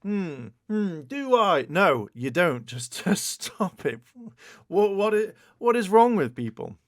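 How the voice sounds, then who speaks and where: A man hosting a casual video, commenting on gaming news in an animated, exclaiming way with stammered repeats. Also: high voice, slow pace, no echo, studio quality. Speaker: YouTube host.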